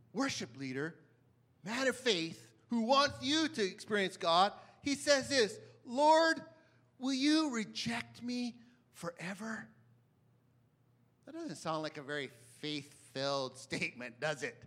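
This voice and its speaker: Male preacher, high and bright timbre, emphatic delivery that swings loud to hushed. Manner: emphatic, dramatic swings from loud to hushed, asks the audience questions. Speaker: pastor. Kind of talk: sermon.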